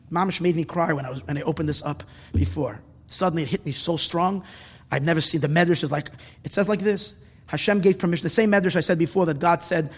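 High-voiced impassioned preacher in a hall. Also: male voice. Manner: impassioned, swings from hushed to loud and emphatic, repeats words. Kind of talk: sermon. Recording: long reverb of a hall.

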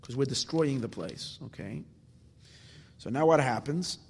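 A man's voice: mid-range voice, animated, measured pace, vocal fry, husky, big-room sound. A man giving a Torah class, explaining verses and asking and answering his own questions, with Hebrew terms mixed into his English. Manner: mixes Hebrew terms into English, with restarts and fillers. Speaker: Torah teacher.

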